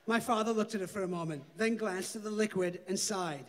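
A man with a very high voice reads his comic memoir aloud. His delivery is dry and deadpan. He lets the story carry the jokes. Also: brisk. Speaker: author reading his memoir.

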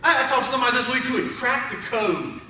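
A man's voice: extremely high pitch, animated, quick pace, bright, forceful tone, slight background noise. A man preaching a sermon to his congregation in a conversational, joking way. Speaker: pastor. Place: church sanctuary. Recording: echoey church from far off.

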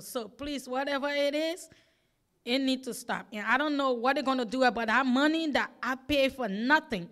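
A woman testifying at a public hearing in a fairly high voice. She is a single mother, and she talks in an earnest, pleading, emphatic way. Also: fairly bright tone. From United States.

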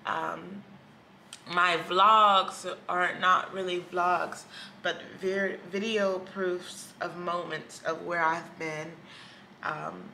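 A woman's voice: lowish voice, fairly even intonation, extremely slow, sharp tone, a little hiss or hum. A woman vlogging candidly at home by a window, talking in a reflective, rambling and hesitant way. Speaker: YouTuber. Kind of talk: candid personal vlog. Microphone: camera.

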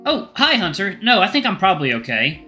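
Brief: weary young creature, a man voicing him, hesitant, slightly raised bright voice. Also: high voice, huge pitch swings, fairly quick, faint music behind, pitched above the performer's own voice, full character voice. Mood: tender.

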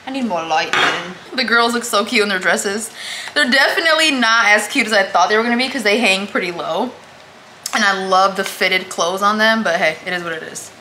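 Cooking in her home kitchen, a young woman chats casually to herself and her vlog audience in a bright, forceful, mid-range voice at a fairly quick clip. Dishes and cutlery clatter around her in the echoey space, with slight background noise.

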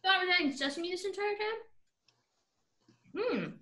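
A woman who baked the cookies, chatting as a guest with teasing, deadpan asides. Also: very high-pitched, normal speed. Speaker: guest baker. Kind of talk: casual chat.

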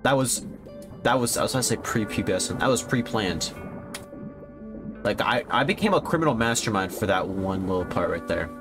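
A man giving casual, profane commentary while streaming a video game, reacting loudly when surprised. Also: fairly low pitch, normal speed, over music. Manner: swearing, animated, jumps to yelps when surprised. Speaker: gaming streamer.

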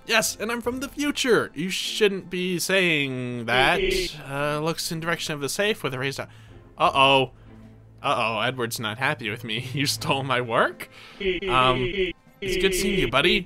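A man giving excitable let's play commentary, reading game dialogue aloud and yelping when things go wrong. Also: fairly high pitch, normal speed, faint music behind. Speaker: gaming video creator.

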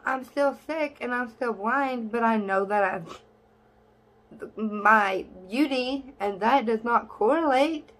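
This is a young woman talking casually to her own camera. She is blunt and sassy, swears without a second thought, and shoots up high in pitch whenever something annoys her. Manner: voice jumps high when exasperated. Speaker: vlogger.

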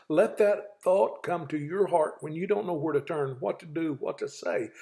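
A man hosting a daily devotional as a pastor, earnest and folksy, with frequent fillers and slow, emphatic scripture reading. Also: a little high, gravelly, warm tone. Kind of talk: devotional talk.

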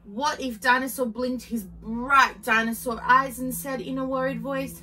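A woman reading a children's picture book aloud, in a gentle, expressive storytelling manner. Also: high voice, measured pace, few pauses, distant mic, slight background noise, poor audio.

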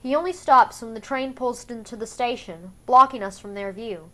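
Female fan audiobook reader, slightly high, measured and subdued first-person narration. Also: pushed and bright.

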